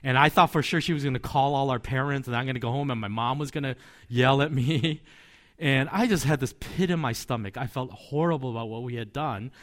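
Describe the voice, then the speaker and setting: A man's voice: medium pitch, brisk, fairly bright tone. A man, a pastor, preaching a sermon in a conversational, storytelling way with asides and light chuckles.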